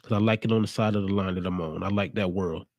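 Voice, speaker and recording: A man's voice: low-pitched, fairly even intonation, fast, a little mellow, no echo, lo-fi sound. A man hosting his own show, delivering a casual, streetwise motivational monologue with a preachy edge. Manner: laid-back, streetwise, preachy. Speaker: show host.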